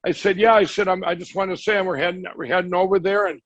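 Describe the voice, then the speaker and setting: A male guest tells a long, rambling story in conversation, acting out the quoted dialogue as he goes. His voice is high-pitched and fairly bright, steady in tone and quick, with no echo, though the audio is slightly dull.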